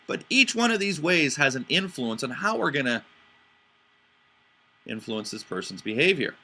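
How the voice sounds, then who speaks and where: A man's voice: fairly high pitch, very animated, moderate pace, bright, forceful tone. A man hosting a podcast in a casual explanatory talk. He speaks with animation, stumbles into restarts, and acts out voices and inflections to make his points. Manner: frequent fillers and restarts. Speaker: podcast host.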